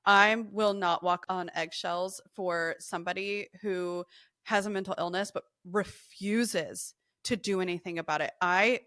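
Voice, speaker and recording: A woman's voice: on the low side, sharp tone, no room sound, clean studio sound. A young woman and podcast co-host, telling a personal story in casual chat, blunt and emphatic.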